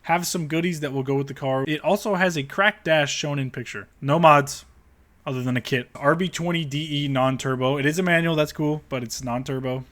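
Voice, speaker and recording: A man's voice: fairly high pitch, brisk, fairly bright tone. A man hosting a car channel, ranting bluntly and sarcastically with plenty of swearing as he reviews car listings.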